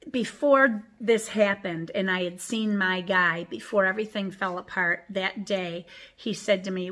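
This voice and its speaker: Female vlogger, middle-aged, mid-pitched, emotional storytime delivery with quoted dialogue. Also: fairly bright tone. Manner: emotional, retelling conversations with quoted voices. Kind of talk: personal storytime chat.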